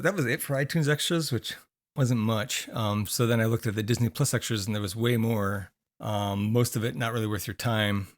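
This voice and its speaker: Guy cohosting a podcast, kinda losing his voice, rambly and chatty. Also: mid-range voice. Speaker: podcast co-host. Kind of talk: casual chat.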